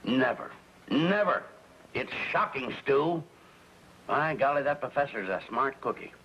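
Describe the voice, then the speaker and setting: Gossipy grumbling husband, bright, tense voice, old dull TV sound. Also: male voice, medium pitch, animated, a little slow. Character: grumbling middle-aged suburban husband. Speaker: sitcom actor. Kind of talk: 1950s sitcom acting. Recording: dull lo-fi 1950s TV soundtrack with faint hiss.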